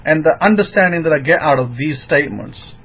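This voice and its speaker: Guy preaching a casual sermon, kinda high voice, gets all fired up, muffled lo-fi audio. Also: fairly quick, husky. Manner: emphatic, rising to excited outbursts. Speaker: rabbi teaching. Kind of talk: informal sermon. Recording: dull lo-fi recording.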